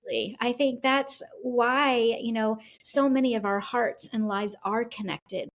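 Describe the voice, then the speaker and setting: Effusive, emotional woman, slightly high voice. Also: steady tone, measured pace. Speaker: podcast co-host. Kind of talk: casual podcast conversation.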